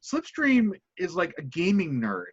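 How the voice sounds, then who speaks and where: Lively, higher-voiced male game master. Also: measured pace, slightly rough, dry recording, highs cut off. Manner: rambling, self-correcting narration. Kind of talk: narrating a tabletop game.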